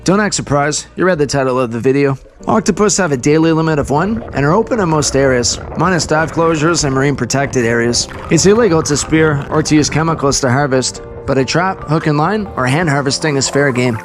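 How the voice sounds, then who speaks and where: A man's voice: fairly high pitch, brisk, hardly any pauses, over music. A man vlogging outdoors in a casual, laid-back and upbeat way, chatting and narrating. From Canada. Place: outdoors on a coast.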